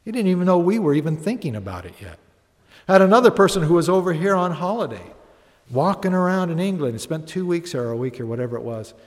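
A man's voice: fairly high pitch, very animated, fast. A man preaching a sermon, telling stories and building to earnest, emphatic appeals. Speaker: pastor. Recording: long hall reverb.

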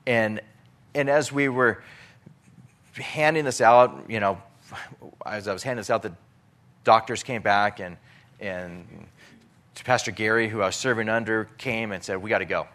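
A man's voice: on the low side, normal speed, long pauses, a bit bright. A middle-aged man telling an emotional personal testimony about relief work, with many restarts and acted-out dialogue.

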